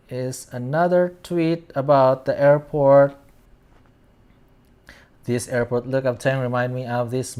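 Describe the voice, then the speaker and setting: A man hosting a relaxed fan commentary, going through posts one by one. He talks at an unhurried, slow pace with a mid-range voice, often pausing to search for a word before carrying on. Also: medium pitch. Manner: meandering, searching for words aloud. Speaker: host. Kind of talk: casual fan commentary reading tweets.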